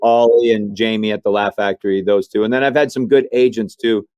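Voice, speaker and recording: A comedian from Maine telling animated stories in an interview, acting out other people's voices as he goes. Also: on the low side, brisk, clear, resonant tone, no echo, dull audio. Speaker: comedian guest. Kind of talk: storytelling interview chat.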